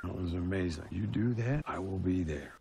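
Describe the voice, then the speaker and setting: An actor playing a gruff, weathered, protective male survivor, speaking quietly and steadily in a gravelly voice, in a clip from a TV drama. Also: deep voice, moderate pace. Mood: tender. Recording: TV show clip with background noise.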